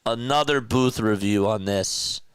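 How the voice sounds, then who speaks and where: A young man from South Jersey, with the accent to match, calls live basketball play-by-play in a chatty way and laughs at his own asides. His voice is on the low side and unhurried, with a clean tone and no echo.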